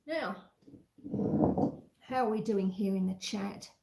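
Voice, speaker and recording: A woman's voice: medium pitch, takes it slowly, gravelly, warm tone, reverberant, poor audio. An Australian woman hosting a casual live-stream baking chat from her home kitchen. She is chatty and self-deprecating, and she reads viewers' messages aloud while she cooks.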